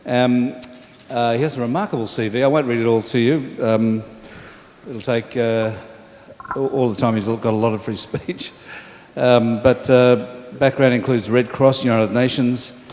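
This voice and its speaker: A man introducing a speaker at a conference, hesitant, with many pauses and ums. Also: mid-range voice, steady tone, darkish tone. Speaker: event host introducing a speaker. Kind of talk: stage introduction. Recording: hall reverb with faint room noise.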